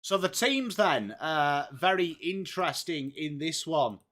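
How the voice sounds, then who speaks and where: With lively intonation and a fairly high, fairly bright voice, this English man speaks a little slowly. He is hosting a football watchalong livestream, chatting casually and greeting viewers by name upbeatly.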